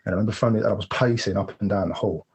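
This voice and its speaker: Husky fast-talking man. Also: lowish voice, darkish tone. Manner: candid, rambling, acts out quoted voices. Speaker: podcast guest. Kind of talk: personal storytelling.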